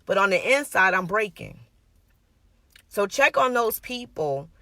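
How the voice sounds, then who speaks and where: A woman's voice: mid-range voice, animated, a little slow, pushed and bright, no echo. A woman giving an earnest, conversational sermon, emphatic and personal, repeating her points. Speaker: minister.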